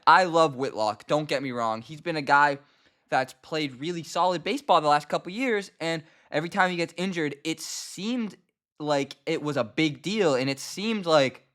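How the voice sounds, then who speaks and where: An emphatic young man delivers a casual ranting commentary as a channel host. His voice sits a little higher than most men's. He sounds fed up and keeps hammering the same points. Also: fairly bright tone. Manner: exasperated, emphatic, repeats himself. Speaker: host of a fan sports channel.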